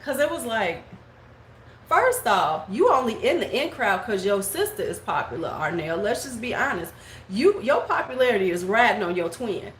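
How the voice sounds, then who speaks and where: Gossipy woman chatting in an echoey room. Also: normal speed. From United States. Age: 40s. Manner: gossipy and animated, with squeaky quoted voices. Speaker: beauty vlogger. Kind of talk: casual live-stream chat. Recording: echoey room with faint background noise.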